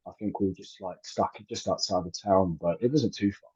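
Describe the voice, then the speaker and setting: A man's voice: sits low, fairly quick, dark tone, breathy edge. A man in his thirties, a guest in a casual interview, talking hesitantly with many fillers and restarts. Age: 30s. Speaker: actor and filmmaker guest. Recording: dull lo-fi audio.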